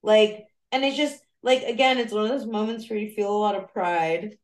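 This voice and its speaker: A woman's voice: mid-range voice, steady tone, normal speed, roomy sound. A woman co-hosting a podcast, chatting in a gushing, giggly way. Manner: giggly, gushing, breaks into impressions. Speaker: podcast co-host. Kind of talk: casual chat.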